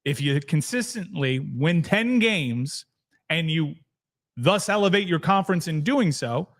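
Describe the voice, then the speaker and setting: Passionate higher-pitched male sports host. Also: lively intonation, a little slow. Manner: passionate, argumentative. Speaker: podcast co-host. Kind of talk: animated sports talk.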